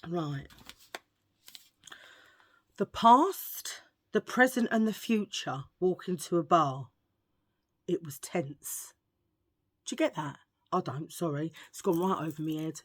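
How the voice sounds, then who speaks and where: A woman's voice: lowish voice, lively intonation, slow, pauses often, no echo. Chatty English woman, dry close mic. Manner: chatty, joking, cheeky asides. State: under the weather. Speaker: vlogger. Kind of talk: casual chat.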